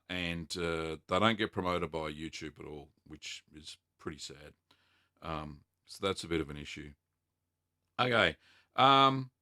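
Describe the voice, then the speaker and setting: A man with a low voice hosts a relaxed live-stream Q&A, answering viewer questions in an easygoing, rambling way with frequent ums and uhs. He sits close to the mic, and the sound is dry with no room echo. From Australia. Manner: chatty and unhurried, many ums and uhs.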